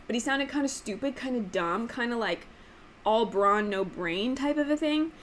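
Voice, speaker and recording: A woman hosting a casual book vlog, talking emphatically with lots of "like" fillers and sometimes showing off voices with sudden jumps in pitch. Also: expressive, normal speed. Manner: chatty, emphatic, frequent "like" fillers. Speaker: book channel host.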